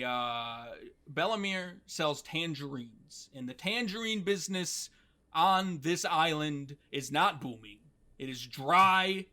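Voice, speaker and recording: A man's voice: high-pitched, bright, forceful tone. A man casually recapping an anime on a podcast, joking, swearing and acting out characters' lines. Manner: quick, joking, swears casually, acts out quotes.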